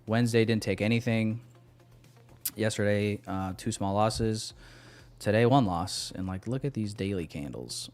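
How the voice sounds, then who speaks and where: A man's voice: fairly low pitch, measured pace, darkish tone, soft background music. A young man giving live commentary on his trades to a stream chat, casual and self-deprecating.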